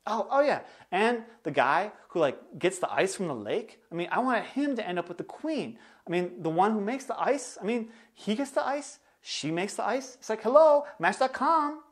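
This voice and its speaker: A man hosting a music theory lesson in a relaxed, comedic tone. He talks in a chatty, sarcastic way, full of asides. The delivery is casual rather than formal. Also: high voice, normal speed, hardly any pauses.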